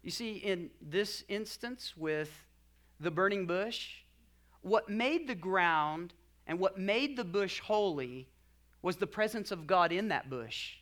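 A male pastor preaching a sermon with passion, building to loud climaxes and tossing in jokey asides to the congregation. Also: sits high, lively intonation, slow pace.

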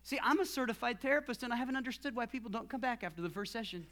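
A man preaching a sermon as pastor, building to shouted passages and then dropping to quiet, close teaching. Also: very high-pitched, expressive, very fast, noisy background.

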